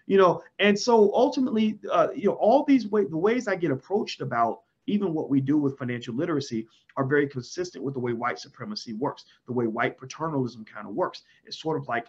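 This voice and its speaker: A man commenting in an impassioned monologue, emphatic, with sudden loud high swings. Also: animated, fairly quick, hardly any pauses, breathy edge. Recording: dull lo-fi sound.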